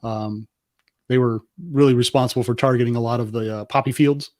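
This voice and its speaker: A man who is a military veteran, telling a story with lively acted-out quotes on a podcast. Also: mid-range voice, fairly quick, no echo. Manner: lively anecdote teller, acts out quotes. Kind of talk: animated storytelling in casual chat.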